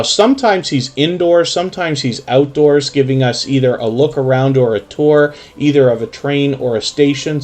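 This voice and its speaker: A man's voice: medium pitch, darkish tone. A man hosting a casual live stream, reading chat names aloud and chatting with frequent ums. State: sleepy, yawning.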